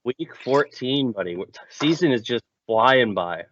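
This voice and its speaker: A man's voice: mid-range voice, expressive, unhurried, a bit bright, slight background noise. A man co-hosting a casual sports betting podcast, upbeat and laid-back in his banter. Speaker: podcast co-host. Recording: muffled lo-fi podcast mic.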